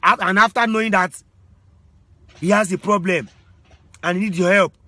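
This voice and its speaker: A man, a Yoruba speaker, acting as a mock judge in a comic skit, scolding and shouting insults and commands. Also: high voice, fairly even intonation, normal speed, dry recording. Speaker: comedian playing a judge.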